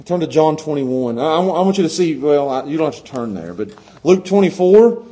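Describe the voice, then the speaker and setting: Middle-aged man as preacher; slightly high voice, swings between soft intimacy and fervent emphasis. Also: animated, normal speed. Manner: swings from hushed to loud and impassioned, with repeated stammered restarts. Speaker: pastor. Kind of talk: sermon.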